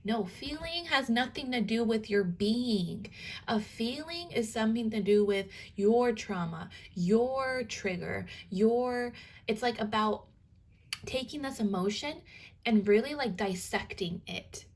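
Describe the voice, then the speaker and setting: A woman's voice: a little high, lively intonation, slow pace. A young woman giving a casual tarot reading, rambling with lots of filler words and casual swearing. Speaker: tarot reader and spiritual coach.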